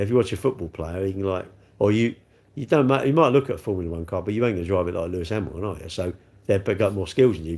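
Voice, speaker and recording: A man's voice: mid-range voice, creaky, darkish tone. A middle-aged man from England with an English accent, chatting casually on a livestream, rambling and poking fun at himself as he reads out comments. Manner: rambling, chatty, self-mocking. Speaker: livestream host.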